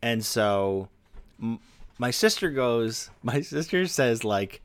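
A man's voice: medium pitch, expressive, slow. A man hosting a podcast, telling a story in casual chat, full of "like" fillers. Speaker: podcast host.

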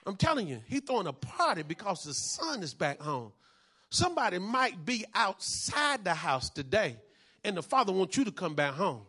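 Male pastor, high bright voice, call-and-response preaching. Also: sing-song, moderate pace, slightly rough. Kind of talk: sermon.

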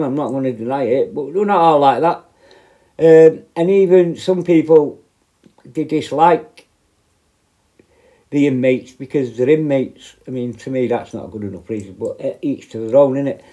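A man's voice: fairly high pitch, normal speed, long pauses, mellow. A middle-aged man, a former prison officer, ranting bluntly and confrontationally straight to camera, full of swearing. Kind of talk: angry direct-to-camera rant.

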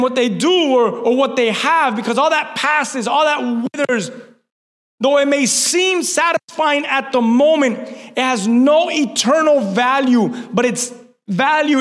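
A male pastor preaching a sermon, fervent, building to shouts and then easing down with self-mocking asides. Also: extremely high pitch. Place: church hall. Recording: long reverb of a large hall.

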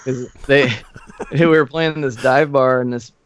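On a podcast with dull, muffled audio, a guest musician who plays in a band shares loose, profane stories and acts out the voices of the people in them. His medium-pitched voice is smooth and fairly even, moving a little slowly.

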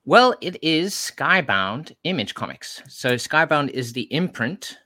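A man's voice: a little high, sing-song, takes it slowly, pushed and bright, no echo. A man co-hosting a casual podcast, enthusiastic and rambling, with frequent ums and uhs. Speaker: podcast co-host.

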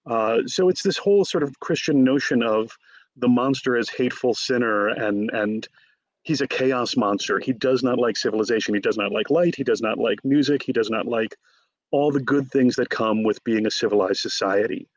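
A man, an author guest in a conversational interview, retelling stories in a lively way and acting out the quotes. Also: mid-range voice, moderate pace, no echo, poor audio. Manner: animated storyteller, acts out quotes.

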